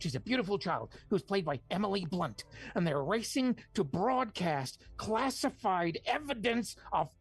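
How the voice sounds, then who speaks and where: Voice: mid-range voice, breathy edge, no echo. A host doing a frantic conspiracy theorist. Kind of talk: podcast banter.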